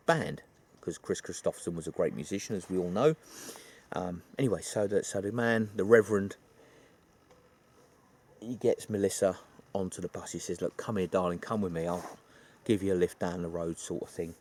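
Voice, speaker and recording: A man's voice: low voice, darkish tone. A man retelling a film plot in a rambling, chatty way, full of asides. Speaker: film reviewer.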